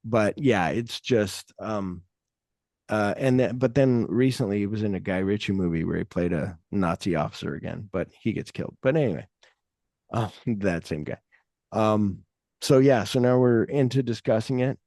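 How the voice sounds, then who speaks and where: A man's voice: on the low side, moderate pace, a little mellow, dry recording, studio quality. A man hosting a podcast, rambling through casual film talk, acting out quotes and swearing freely. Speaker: podcast host.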